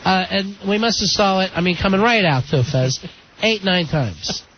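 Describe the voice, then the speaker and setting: A man's voice: sits high, lively intonation, moderate pace. A man hosting a radio talk show, chatting casually and telling stories. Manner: chatty, storytelling. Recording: dull lo-fi radio broadcast with faint noise.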